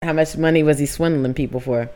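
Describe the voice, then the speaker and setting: A woman's voice: low voice, steady tone, fast talker, mellow. A woman in her thirties co-hosting a casual chat, teasing and laughing often. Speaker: podcast co-host.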